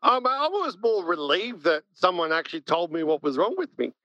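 A man with a fairly high voice, telling stories bluntly and animatedly, swearing freely. The recording is dull and lo-fi, with a very dry sound and no room around it. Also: normal speed, no echo. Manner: animated, blunt storyteller who swears and laughs. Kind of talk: casual conversation.

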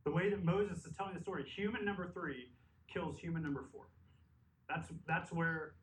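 Man, sermon, emphatic, slightly high pitch, faint room noise. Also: fairly even intonation, moderate pace, a bit bright. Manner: earnest, emphatic, conversational preaching with asides. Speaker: pastor. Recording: echoey hall mic from a distance.

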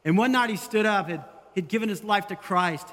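High-voiced man preaching in a reverberant hall. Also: a little fast. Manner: animated, acts out quoted voices. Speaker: pastor. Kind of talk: sermon.

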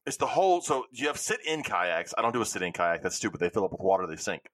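Podcast host, bright and lively, swears freely while telling stories, dry close mic. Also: male voice, fairly low pitch, quick pace, no echo. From Louisiana. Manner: animated storytelling with swearing. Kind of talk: casual chat.

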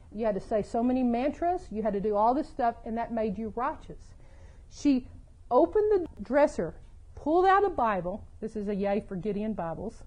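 A woman preaching a sermon, telling a story in a storytelling way that rises to loud excited bursts. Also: on the high side, poor audio.

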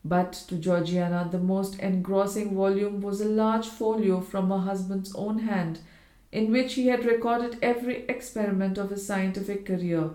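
A woman reads classic fiction in a measured, steady voice at a middle pitch. Her voice carries a roomy echo, as if read in an open, bare room. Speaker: audiobook reader. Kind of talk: scripted literary narration.

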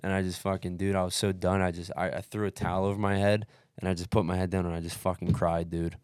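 Deep-voiced man cursing through a story. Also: level tone, fast, a little mellow, dry recording, studio quality. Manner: blunt, heavily profane, emphatic. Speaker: podcast co-host recounting a race. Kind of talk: casual storytelling chat.

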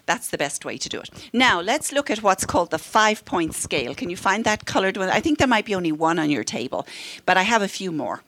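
Middle-aged woman counselor for a parenting class, friendly teaching voice, mid pitch, acts out quotes. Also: big pitch swings, fairly quick, a bit bright. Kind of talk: workshop talk to a live group.

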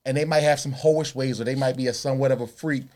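A man's voice: mid-range voice, fairly even intonation, quick pace, a little mellow. A man co-hosting a casual group podcast, talking loosely and profanely in run-on asides. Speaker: podcast co-host.

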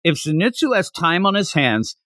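A man's voice: fairly high pitch, moderate pace, no echo. A man hosting a casual chat who talks animatedly and acts out characters as he goes. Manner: animated, acting out characters, laughing. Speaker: podcast host.

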